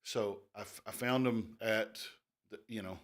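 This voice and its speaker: A man co-hosting a radio talk show in a studio. His voice sits on the low side. He explains things in an unhurried, conversational way, with frequent fillers and restarts. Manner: relaxed, thinking aloud with fillers. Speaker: radio co-host.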